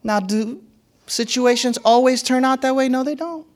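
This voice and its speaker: A man's voice: very high-pitched, normal speed. A man preaching a sermon as a pastor, in a conversational and playful way, often laughing and acting out what others said.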